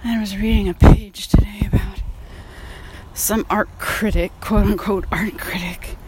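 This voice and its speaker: A woman's voice: mid-range voice, fairly even intonation, unhurried, very noisy. A woman painter talking frankly while walking outdoors, sighing and swearing casually, a bit out of breath. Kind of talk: casual vlog monologue.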